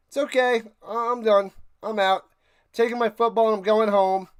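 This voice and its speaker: A man's voice: high voice, steady tone, normal speed, clean tone. A man hosting a live game watch party stream, calling plays and ranting sarcastically to his chat. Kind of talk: live play-by-play and casual rant.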